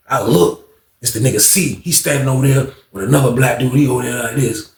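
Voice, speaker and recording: A man's voice: mid-range voice, fast talker. A man telling a story in casual, slang-heavy talk, acting out the scenes with sound effects and swearing freely. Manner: animated, acts out scenes with sound effects and voices. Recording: roomy echo.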